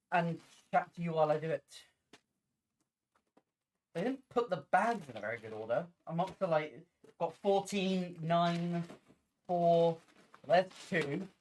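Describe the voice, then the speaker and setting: A woman talks casually to her livestream audience from home late at night. She is loud and easily distracted, jumping between ideas with frequent giggles. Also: lowish voice, a little hiss or hum. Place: home, building on the floor.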